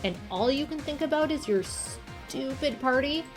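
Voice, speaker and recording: A woman voicing a calm, dry-spoken young woman sidekick. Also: high voice, moderate pace, soft background music, pitched above the performer's own voice.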